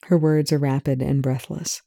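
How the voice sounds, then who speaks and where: Gravelly, dark-toned audiobook reader. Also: medium pitch, level tone, moderate pace, no echo, clean studio sound. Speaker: audiobook narrator. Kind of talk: audiobook reading of fan fiction.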